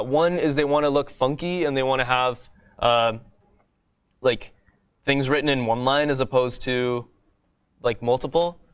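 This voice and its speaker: A man's voice: medium pitch, clear, resonant tone. A man teaching a coding bootcamp lecture in a classroom, explaining step by step in a casual way and often asking "right?".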